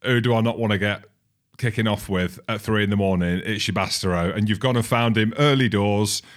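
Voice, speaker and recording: A man co-hosting a podcast in casual banter, teasing and cutting in with quick questions. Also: fairly low pitch. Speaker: podcast co-host.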